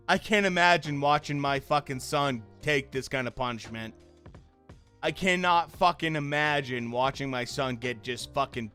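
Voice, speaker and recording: A young man streaming a live reaction, angry and profane, shouting bursts that trail off into mutters. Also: mid-range voice, clean tone. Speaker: streamer reacting to a boxing fight.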